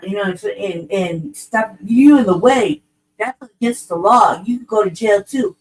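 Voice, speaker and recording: A woman's voice: medium pitch, a little slow, darkish tone. A woman co-hosting a casual podcast discussion, ranting bluntly with profane street slang. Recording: voice distant from the mic.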